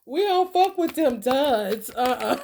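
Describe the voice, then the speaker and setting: A woman's voice: high voice, animated, slow, gravelly, darkish tone. A woman hosting a casual livestream and reading oracle cards. She swears freely, laughs often and talks straight to her viewers.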